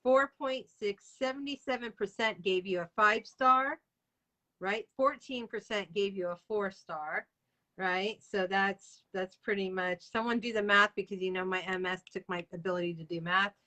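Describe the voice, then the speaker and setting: Middle-aged woman, host of an online author chat, gushing and talkative, bright tone. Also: medium pitch, normal speed, rough recording. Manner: chatty and gushing, laughs and tears up in sympathy. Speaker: interviewer. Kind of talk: casual interview chat.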